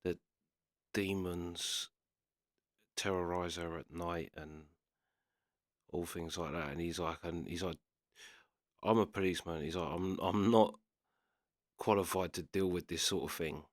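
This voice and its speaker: A man with a very low voice casually retells a story, quoting his friend over and over as he goes. The recording is dry and close, with no room sound. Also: fairly even intonation, measured pace, pauses often, fairly bright tone, no echo. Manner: retells a story with constant "he's like" quotes. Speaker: reaction video host.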